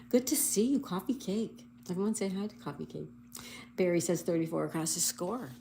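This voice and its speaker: A woman hosting a casual livestream, reading viewer comments and slowly spelling out crossword answers letter by letter. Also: lowish voice, animated, creaky, warm tone, a little hiss or hum. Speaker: livestream host.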